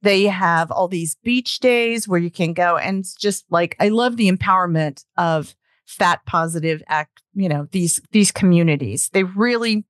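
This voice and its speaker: A woman's voice: on the low side, unhurried, no room sound, studio quality. A woman with a Southern US accent, a storytelling guest talking enthusiastically in a casual podcast chat over a call. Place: home, remote call.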